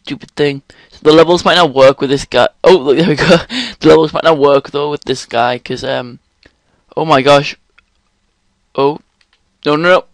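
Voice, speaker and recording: A young man commentating a game he is playing, excitable, exclaiming and swearing often. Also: fairly high pitch, moderate pace, dry recording. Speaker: gaming channel host. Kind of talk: let's play commentary.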